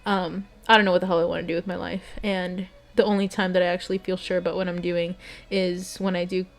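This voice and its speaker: A woman's voice: lowish voice, little pitch movement, fast. A young adult woman streamer reading a bedtime story and chatting with her viewers, earnest and emotional.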